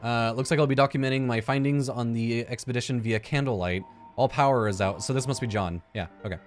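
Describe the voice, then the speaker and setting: A man's voice: medium pitch, quick pace, faint music behind. A man giving casual gameplay commentary, thinking aloud, joking and swearing as he plays. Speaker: let's play gamer.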